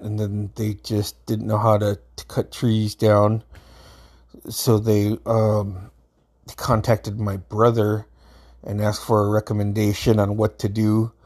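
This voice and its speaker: This is a man in his thirties from Alaska whose voice is fairly low and a little mellow. Laid-back and rambling, he tells a casual story peppered with fillers and swearing.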